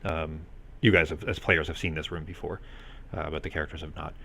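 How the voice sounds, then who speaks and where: A man's voice: a bass voice, fairly even intonation, a little fast, sharp tone, a little hiss or hum. A man narrating as game master in a loose, hesitant way with many fillers.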